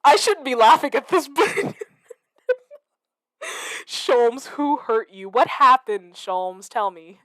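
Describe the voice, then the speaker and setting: A woman streaming a story game, chatting casually, excitable and giggly, teasing herself. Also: sits high, takes it slowly, pauses often, no room sound. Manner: excitable, giggly, self-mocking. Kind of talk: casual game let's-play commentary.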